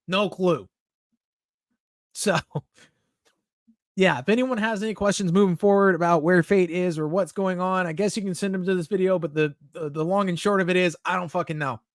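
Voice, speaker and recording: A young man talks casually to his live-stream chat, reading messages aloud and answering them with candid, swear-laden replies. His voice sits a little high for a man. The sound is dry and close, with no room echo.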